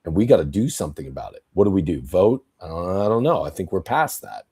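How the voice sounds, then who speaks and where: Low, dark-voiced man ranting bluntly. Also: sing-song, quick pace, husky. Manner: blunt, profane, rambling political rant; tells stories with acted quotes. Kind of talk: casual podcast talk.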